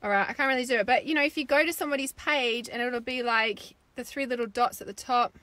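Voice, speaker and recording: A young woman talks on a live stream in a bright, forceful voice that sits a little high. She rambles through viewer comments with lots of "like"s and swears freely when she gets worked up. The sound is dry and close. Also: fast, dry recording. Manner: rambling, filler-heavy talk with many "like"s. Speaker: intuitive healer hosting a live stream.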